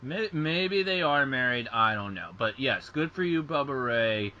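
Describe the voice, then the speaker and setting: A man's voice: medium pitch, expressive, unhurried, pushed and bright, muffled recording, a little hiss or hum. A man co-hosting a podcast, talking casually and sarcastically about wrestling, swearing freely. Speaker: podcast co-host.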